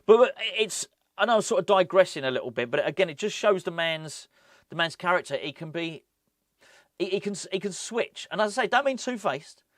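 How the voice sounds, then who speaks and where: A man hosting a casual football vlog, rambling and animated, often breaking off with laughs. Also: sits high, a little fast, dry recording, clean studio sound. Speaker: football fan channel host.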